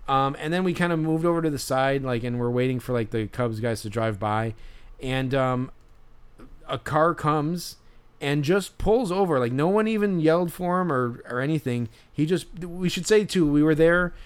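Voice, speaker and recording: Fairly high in pitch and clean in tone, this young man hosts a podcast at a moderate pace. He rambles through a story in casual conversation, full of fillers and restarts, and laughs along as he goes.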